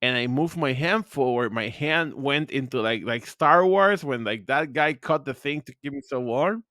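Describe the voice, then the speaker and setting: A man hosting a podcast, telling rambling, crude stories full of filler words and getting animated as he goes. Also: moderate pace, no room sound, studio quality. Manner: animated, pitch rising when excited. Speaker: podcast host. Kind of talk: casual storytelling chat.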